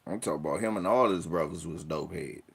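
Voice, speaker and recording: A man in his forties with a low, creaky, breathy voice talks quickly as a podcast host. He tells profane stories in casual chat, laughing often and giving the people he quotes animated voices.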